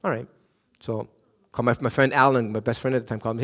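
A middle-aged man from Canada delivers a sermon in a conversational, storytelling way. He acts out the characters' lines with a lifted voice and checks in with the listener with a frequent "right?". His voice sits in an ordinary middle range for a man. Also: fast. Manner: animated, acts out quotes with raised pitch, frequent "right?". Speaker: pastor.

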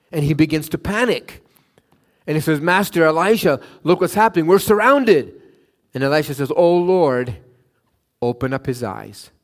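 Animated male preacher telling stories. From Canada. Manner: animated, acts out quotes with raised pitch, frequent "right?". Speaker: pastor. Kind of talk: sermon with storytelling.

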